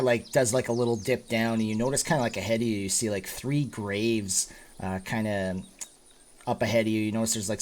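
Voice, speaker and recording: A man's voice: lowish voice, fairly bright tone, slight background noise. A man narrating as game master, with a loose, rambling delivery full of fillers.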